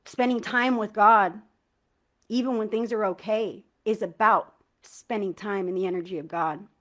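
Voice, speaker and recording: A woman tarot reader talking casually to her viewers about spiritual home cleansing, earnest and enthusiastic, with slangy asides and slow, heartfelt prayer recitation. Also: medium pitch, fairly even intonation. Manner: recites prayer lines slowly with feeling. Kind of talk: casual spiritual talk to camera.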